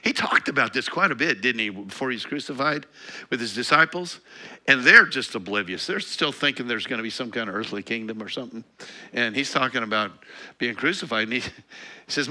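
A pastor with a very bright, ringing voice speaks a little fast, his pitch rising and falling animatedly. In a relaxed sermon he reads scripture to the congregation and talks it through conversationally, with laughs and self-corrections.

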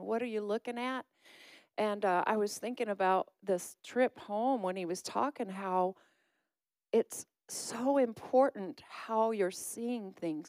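A woman's voice: medium pitch, a little mellow, dry recording. Chatty woman pastor preaching. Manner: chatty storytelling with laughs. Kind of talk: sermon.

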